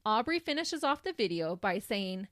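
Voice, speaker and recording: A woman's voice: medium pitch, sing-song, moderate pace, a bit bright, no room sound, studio quality. A woman hosting a podcast, recounting a true crime case in a sardonic storytelling manner. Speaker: podcast host.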